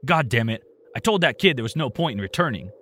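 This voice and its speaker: A man voicing an agitated, erratic older uncle who speaks loudly and urgently. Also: mid-range voice, very animated, fairly quick, slight background noise. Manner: loud, urgent, trailing into whispers.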